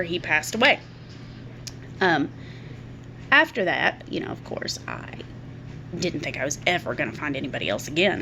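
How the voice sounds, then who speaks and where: Candid woman talking low and steady. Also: slight background noise. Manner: candid, repeats words while thinking aloud. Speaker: vlogger. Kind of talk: personal talk to camera.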